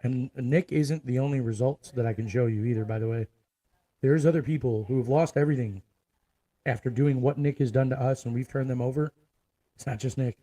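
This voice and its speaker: A man rants to his viewers in a low, dark voice, cursing freely and driving every point home by repeating it. He sounds forceful and fired up. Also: fairly even intonation, fairly quick, rough recording. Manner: profane, forceful, repeats himself for emphasis. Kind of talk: ranting video monologue.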